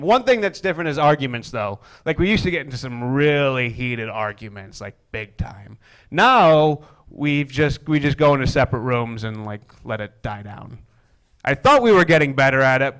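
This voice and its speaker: A young man performing a stand-up comedy set, deadpan with wry asides that build into exasperated rants. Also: on the high side. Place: comedy stage before a live audience.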